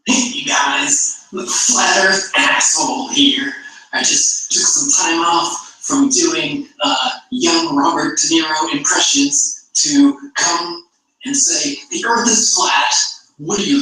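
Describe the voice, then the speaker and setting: A man's voice: a little high, takes it slowly, pushed and bright. A man mocking another man as a boastful, crude vlogger with a swaggering delivery. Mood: cocky. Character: brash, boastful male vlogger, mocking parody. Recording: echoey room, far from mic.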